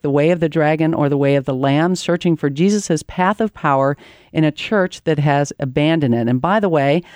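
A woman's voice: low-pitched, darkish tone, no room sound, clean studio sound. A woman hosting a talk show and interviewing a guest, with an earnest, emphatic delivery. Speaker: radio show host.

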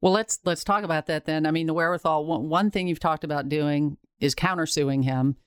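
A woman's voice: deep voice, fairly quick, smooth, no room sound, studio quality. A woman hosting an interview who asks probing follow-up questions. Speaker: host, interviewer. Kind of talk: interview conversation.

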